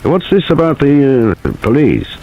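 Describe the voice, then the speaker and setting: A man's voice: lowish voice, sing-song, moderate pace, slightly rough, muffled recording, full character voice. Man playing a stiff military major, clipped, staccato. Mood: tense.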